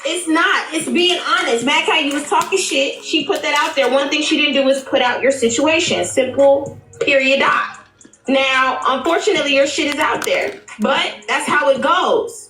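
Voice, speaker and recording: A woman's voice: sits high, moderate pace, sharp tone, echoey room, far from the mic. A woman defending herself bluntly on a live stream, cursing as she talks. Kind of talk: heated live-stream argument.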